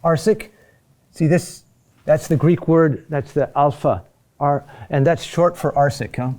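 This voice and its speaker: A man teaching a lesson at a board, speaking in halting phrases with many pauses and restarts, and often checking in with a questioning "huh?". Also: on the high side, darkish tone. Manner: halting and repetitive, with frequent "huh?" check-ins; patient, explanatory pacing with many pauses and restarts. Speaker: chant teacher. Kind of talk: classroom lecture at a board.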